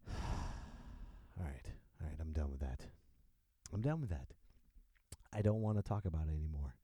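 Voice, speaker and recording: A man hosting a podcast, delivering an unscripted comedic rant in an animated, joking way and laughing often. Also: rumbling low, measured pace, pauses often, slightly rough, dry recording. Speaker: podcast host. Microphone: close podcast microphone.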